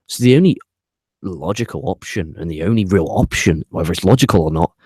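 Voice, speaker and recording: A man with a deep, low voice hosts a casual review, ranting opinionatedly and swearing as he wanders off on tangents. The recording is dry and close, with no room sound. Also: lively intonation, a little fast, darkish tone, husky, dry recording. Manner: rambling with tangents and restarts. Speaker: wrestling show reviewer, host.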